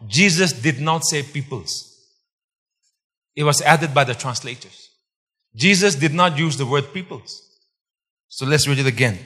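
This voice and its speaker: Male pastor, husky voice, emphatic sermon delivery with repetition and questions to the congregation, long hall reverb. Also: mid-range voice, sharp tone. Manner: emphatic, repeats key points, quizzes the congregation.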